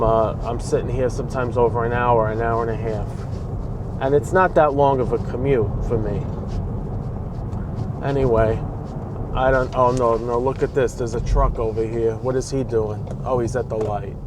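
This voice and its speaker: A man's voice: mid-range voice, steady tone, normal speed. A man from the Bronx with a New York accent, ranting in a vlog while he drives and talking back at the traffic around him. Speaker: vlogger. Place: inside a car on city roads. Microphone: dash-mounted camera. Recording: faint road noise inside a car. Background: traffic and street noise.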